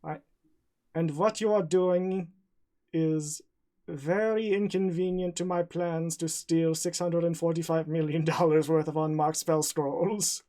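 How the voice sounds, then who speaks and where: A scheming heist villain with a stiff, mock-German accent, as a game master puts him on. He speaks slowly and deliberately, every threat drawn out and menacing. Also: on the high side, flat delivery, warm tone, natural voice.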